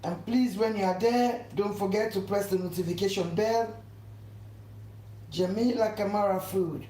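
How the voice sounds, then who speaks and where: A woman's voice: mid-range voice, moderate pace, warm tone. A woman hosting a live cooking stream from her home kitchen, talking effusively and repeating herself as she keeps urging viewers to subscribe. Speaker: cooking channel host. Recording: echoey room with faint background noise. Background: faint household noise.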